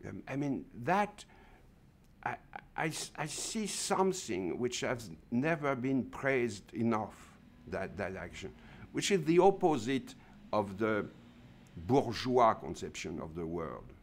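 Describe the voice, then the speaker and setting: Male film historian, lowish voice rising and falling a lot, halting and emphatic. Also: very animated, slight background noise. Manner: halting, many fillers, emphatic. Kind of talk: interview commentary.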